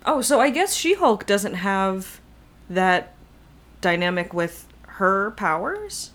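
A woman's voice: mid-range voice, very animated, a bit bright. A woman co-hosting a podcast, chatting casually and agreeing a lot with her partner. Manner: agreeable, quick backchannels, laughs along. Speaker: podcast co-host. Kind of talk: casual fan chat.

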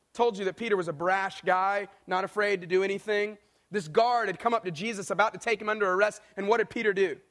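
A male pastor with a high voice preaches a sermon as a lively storyteller, acting out the people he quotes and shifting between quiet and emphatic delivery.

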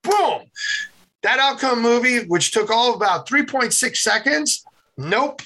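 This man speaks in a very high voice at a measured pace, captured on a low-quality recording. He's a former Navy SEAL and keynote speaker, guesting on a podcast and bringing his stories to life with energy and acted-out voices.

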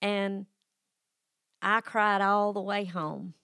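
A woman's voice: mid-range voice, fairly even intonation, slow, vocal fry, pushed and bright, clean tone, no echo, clean studio sound. A middle-aged woman who hosts a faith podcast and tells a personal story in a folksy, emotional way, with sighs and restarts. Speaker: podcast host.

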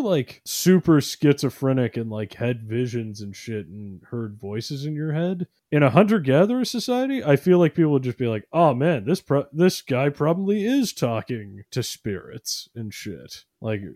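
Mellow-voiced man in casual joking chat. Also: mid-range voice, no room sound, studio quality. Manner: rambling and joking, laughs often, puts on quick voices.

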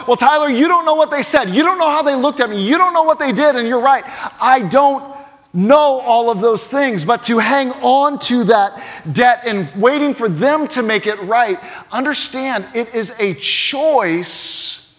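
High-voiced pastor preaching in a hall. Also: male voice. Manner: earnest, emphatic, swings between loud and hushed. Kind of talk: sermon.

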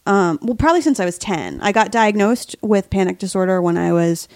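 A woman's voice: mid-range voice, lively intonation, fairly quick, darkish tone, dry recording. A woman guest in casual podcast chat, talking in a chatty, jokey way and laughing often.

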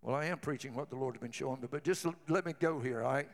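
A man's voice: mid-range voice, quick pace, vocal fry, in a large hall. A man preaching a sermon to his church, fervent and telling stories as he goes. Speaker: pastor.

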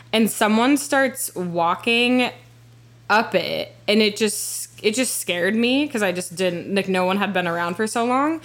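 A woman's voice: medium pitch, fairly bright tone. A woman in her twenties telling a personal story on a podcast, rambling and filling her talk with "like" and swearing. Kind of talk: casual storytelling.

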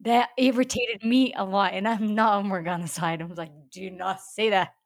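A woman's voice: mid-range voice, steady tone, normal speed, creaky, dry recording. Emphatic young woman, dry close sound. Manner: emphatic, blunt reactions. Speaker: podcast co-host. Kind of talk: casual TV recap chat.

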